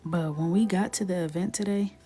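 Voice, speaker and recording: Woman, thirties, host of a live coloring stream, low voice, chatty storyteller who slips into near whispers. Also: fairly quick, faint music behind. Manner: chatty and animated, often dropping to a near whisper. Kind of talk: casual storytelling while coloring.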